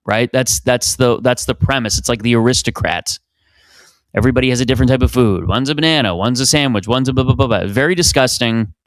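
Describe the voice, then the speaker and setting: A man's voice: medium pitch, fast talker, no echo. A man in his thirties from Canada, hosting a solo comedy podcast in a rambling, profane, self-mocking way. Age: 30s. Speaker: podcast host.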